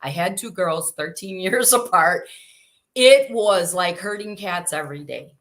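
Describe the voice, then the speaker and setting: A woman in her sixties, from Chicago, talks as an interview guest in a lowish, bright and forceful voice. She spins lively stories and slips into the voices of the people she quotes. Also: unhurried. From Chicago, USA. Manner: animated storyteller who acts out quoted voices. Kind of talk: casual storytelling interview.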